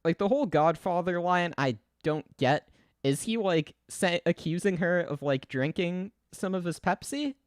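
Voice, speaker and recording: A man's voice: high-pitched, unhurried, no echo. Young male streamer, loose giggly rambling commentary, dry untreated mic sound. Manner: rambling, giggly, lots of fillers and restarts. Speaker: livestreamer. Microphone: desk mic, untested.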